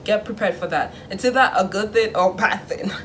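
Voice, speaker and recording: A young woman vlogging in casual chat, animated, acting out her parents in a hushed voice. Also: mid-range voice, moderate pace, noisy background.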